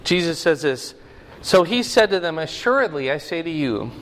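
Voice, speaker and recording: A man preaching an expository sermon, stressing key words slowly and with emphasis. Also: fairly high pitch, very animated, fairly bright tone, a little hiss or hum. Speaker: pastor. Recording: long hall reverb.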